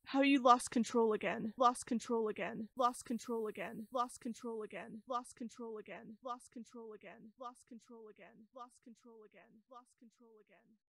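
A woman's voice: a little high, moderate pace, fairly bright tone, no room sound, lightly acted. A woman actor playing a taunting woman's voice that accuses a silenced nymph, in an experimental theater monologue. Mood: accusing. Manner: accusing, rising to intense repetition. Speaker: stage actor.

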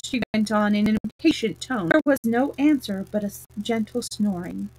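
A woman's voice: medium pitch, expressive, moderate pace, darkish tone, rough recording. A woman storyteller reading a children's book aloud, with small slips and restarts.

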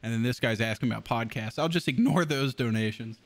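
A man's voice: medium pitch, fairly quick. A man streaming a video game, chatting casually, swearing freely and laughing often. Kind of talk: casual live-stream chat.

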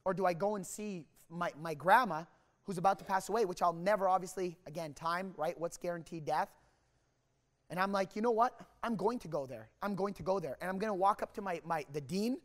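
A young man from Canada speaks at a sales rally with a high voice. He tells his story with energy and rambling restarts, acting out the voices of the people in it. Long reverb from the hall trails after his words. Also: fairly quick. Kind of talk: motivational storytelling talk.

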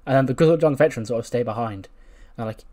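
A man's voice: medium pitch, racing, dark tone. A man giving casual commentary over a wrestling sim playthrough, chatty and laughing, acting out the characters' lines. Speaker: gaming YouTuber.

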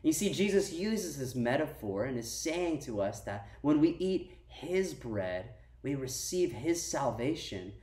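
A man's voice: mid-range voice, a little mellow, far from the mic. Young male youth pastor preaching, roomy. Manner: casual, conversational preaching with slang and asides. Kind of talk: sermon. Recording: roomy sound from off-mic.

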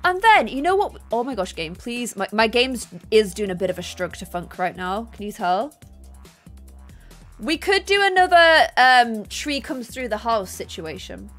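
Bubbly high-voiced woman streamer. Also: moderate pace. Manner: chatty, bubbly, thanks viewers excitedly. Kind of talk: casual gameplay livestream chat. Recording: faint music behind.

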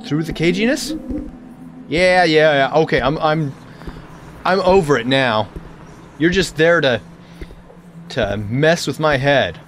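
A man's voice: fairly high pitch, slight background noise. A man giving jokey let's-play commentary, talking back to the game and stuttering when startled. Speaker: gaming channel host.

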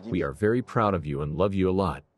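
A deep-voiced, halting father. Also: lively intonation. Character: middle-aged father caught in an affair. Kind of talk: dubbed drama voice-over.

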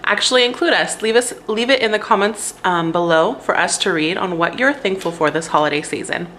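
A woman's voice: fairly low pitch, a little fast. Young woman vlogger, chatty, laughs a lot, faint noise behind. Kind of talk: casual chat.

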